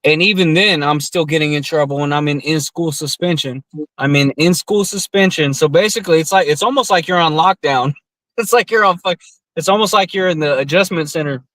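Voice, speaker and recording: A man's voice: on the high side, brisk, fairly bright tone, dry recording, poor audio. Profane, rambling man telling a story. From US West Coast. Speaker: podcast co-host. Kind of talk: casual storytelling among friends.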